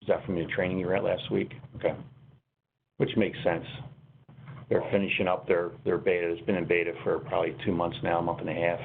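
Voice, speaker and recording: A man presenting a technical webinar, talking through software steps on screen in a conversational, explanatory way. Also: deep voice, level tone, brisk, vocal fry. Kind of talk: conversational software demo walkthrough. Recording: tinny phone-line webinar audio, faint noise.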